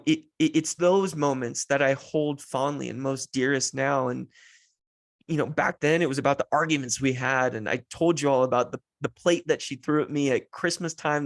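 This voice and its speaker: A man in his thirties hosting a podcast, telling a heartfelt personal story in a rambling way with many restarts, sounding close to tears. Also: medium pitch. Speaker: podcast host.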